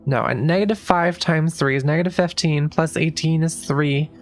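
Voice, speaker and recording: A woman with a low, steady voice streams a puzzle game at a normal speed, with faint music behind her. She thinks aloud through her moves in loose, casual commentary, often restarting sentences and swearing casually.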